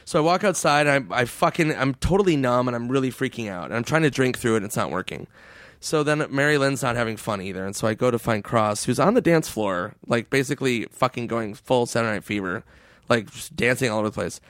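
A male comedian rattles off stories in relaxed podcast chat, jumping up into silly voices for the people he quotes. His mid-range voice sits close and dry on the mic, with laughs and swearing throughout. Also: mid-range voice, quick pace, no echo. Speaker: comedian guest. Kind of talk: casual storytelling chat.

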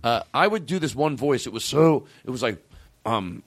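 Brief: male comedy podcast host, middle pitch, lively swooping delivery, rambling and profane, dry close sound. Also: moderate pace, husky, dry recording. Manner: rambling, profane, excitable storytelling. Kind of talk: casual comedy podcast chat.

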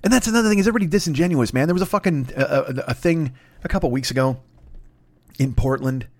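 Middle-aged male podcast host, rapid-fire profane comic rant, slightly high voice. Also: dry recording. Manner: crude, swearing, animated storytelling.

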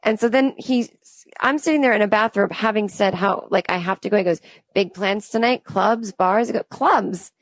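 A woman's voice: mid-range voice, normal speed, no echo. Chatty woman in her thirties, dry mic. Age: 30s. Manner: acts out both sides of the dialogue with chatty asides. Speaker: comedian. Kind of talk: comedic storytelling.

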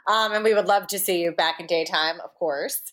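A woman's voice: fairly low pitch, a little fast, a bit bright. A woman co-hosting a podcast interview, thanking and wrapping up with the guest. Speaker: podcast co-host. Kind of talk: casual interview chat.

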